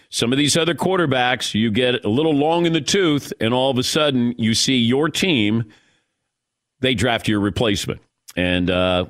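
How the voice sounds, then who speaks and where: A man's voice: medium pitch, a bit bright, no echo. A middle-aged man hosting a sports radio show, telling a story in a casual, self-mocking and emotional way.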